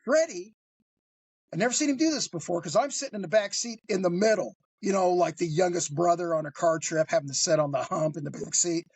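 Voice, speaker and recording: A man telling a crime story on a podcast, animated and swearing freely, acting out the other voices as he goes. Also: high-pitched, brisk, husky, no room sound. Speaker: guest storyteller.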